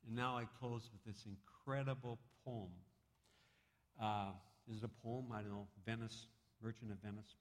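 A male preacher delivering a sermon and prayer, dramatic and animated, swinging from loud bursts to soft, quiet lines. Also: lowish voice, moderate pace. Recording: echoey hall.

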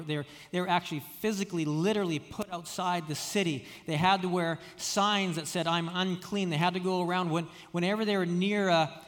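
A man preaching a sermon, telling stories with frequent restarts and stammered repeats, dropping soft when quoting. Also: fairly high pitch, long reverb tail. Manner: storytelling, many restarts and stammered repeats, drops soft for quoted words. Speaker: pastor.

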